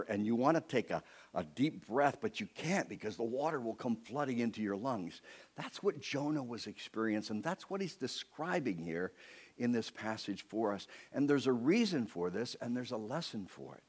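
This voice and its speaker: A man's voice: medium pitch, husky. A man preaching a sermon to his church as pastor, telling a personal story and putting on voices for the people in it.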